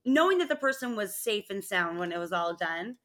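This podcast co-host has a mid-range voice and a brisk pace. She's an animated storyteller sharing funny anecdotes in a relaxed conversation, and she laughs a lot.

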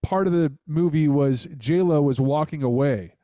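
A man's voice: a little high, moderate pace, warm tone, no room sound. A man hosting a podcast who rambles along casually and swears while mocking someone. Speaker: podcast host.

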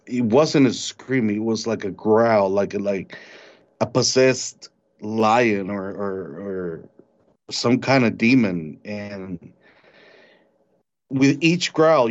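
A man recounting a frightening encounter in an interview, halting and repeating words as he tells it. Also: fairly low pitch. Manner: halting, repeats words when shaken, mimics animal sounds. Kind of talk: storytelling in an interview. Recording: dull lo-fi recording.

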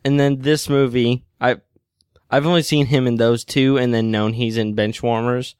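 A man's voice: medium pitch, steady tone, normal speed, darkish tone, smooth, no echo, studio quality. A young man co-hosting a podcast in casual chat, laughing often and swearing freely. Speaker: podcast co-host.

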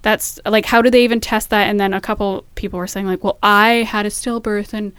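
A woman's voice: medium pitch, fairly quick, clear, resonant tone, no echo. A woman in her third trimester co-hosts a casual podcast. She tells her stories frankly and with plenty of life, and swears freely. Her voice sits in an ordinary middle range and sounds dry and close to the mic. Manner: candid, animated storytelling with swearing. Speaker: podcast co-host. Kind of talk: casual chat.

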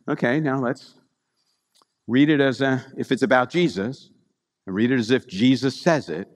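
A man's voice: mid-range voice, lively intonation, normal speed, long pauses, in a large hall. A man preaching a conversational sermon, often checking in with his listeners by asking "right?". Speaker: pastor.

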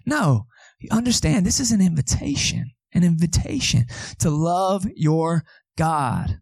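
Conversational pastor preaching. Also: male voice, sits high, expressive, moderate pace, creaky, dry recording, clean studio sound. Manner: conversational, with asides to the congregation. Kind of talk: sermon.

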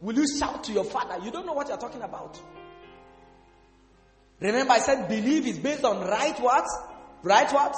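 A male pastor preaching a sermon, asking the congregation questions and breaking into sudden shouts. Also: very high voice, lively intonation, normal speed. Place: church hall. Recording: echoey hall with faint music.

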